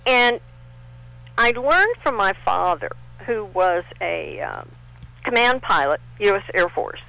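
A woman's voice: mid-range voice, takes it slowly, gravelly, rough recording. An older woman from Texas, a guest in a casual interview, telling stories animatedly and acting out the people she quotes. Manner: animated storyteller, acts out quotes.

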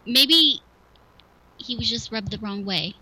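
A woman's voice: on the high side, slow pace, bright, forceful tone, low-quality recording. A female radio co-host who talks in a hesitant, hedging way, full of "I mean"s. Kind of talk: local talk radio banter. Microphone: studio microphone.

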